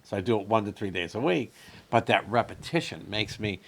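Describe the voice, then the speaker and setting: A man in his late sixties talks in a low, gravelly voice. He is a comedian guest telling rambling anecdotes in casual conversation and often acts out what other people said. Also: expressive, a little fast, slight background noise. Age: 60s. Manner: rambling storyteller, fond of acting out quotes. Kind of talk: casual chat.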